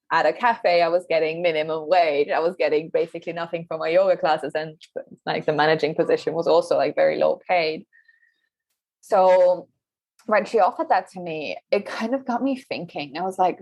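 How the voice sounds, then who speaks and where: A woman's voice: fairly low pitch, fairly even intonation, moderate pace, a little mellow, no room sound. Young woman telling her story, dry sound. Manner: storytelling, many "like" fillers. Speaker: guest, yoga teacher and wellness coach. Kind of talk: casual podcast interview. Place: Revelstoke, Canada.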